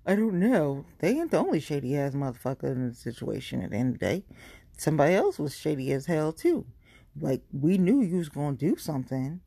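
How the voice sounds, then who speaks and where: Blunt, profane podcast woman, husky. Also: sits low, big pitch swings, brisk, dark tone, dry recording. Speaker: podcast host. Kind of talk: casual ranting monologue.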